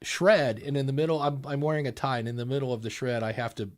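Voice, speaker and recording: A man's voice: mid-range voice, level tone, fast talker, dry recording, studio quality. A man hosting a podcast, chatting casually and joking through rambling explanations. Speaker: podcast host. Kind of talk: casual chat.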